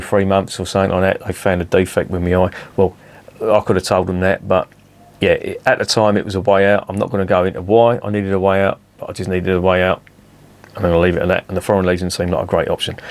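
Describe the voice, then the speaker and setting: Deep-voiced sweary man. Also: a little mellow. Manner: sweary, digressive storyteller. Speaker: beer reviewer. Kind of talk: casual rambling chat.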